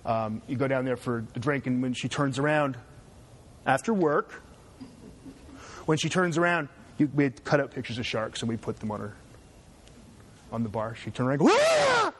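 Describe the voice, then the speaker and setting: A man's voice: medium pitch, normal speed, pauses often, slight background noise. A man giving a casual classroom lecture, often checking in with his students with "right?". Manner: chatty, asks students "right?".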